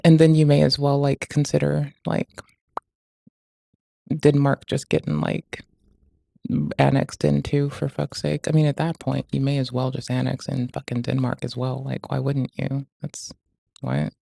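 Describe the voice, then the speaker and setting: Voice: mid-range voice, level tone, measured pace, gravelly, dark tone, no room sound. A streamer in casual reaction chat, rambling and swearing, breaking off mid-thought to fiddle with the stream. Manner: rambling, sweary, self-interrupting.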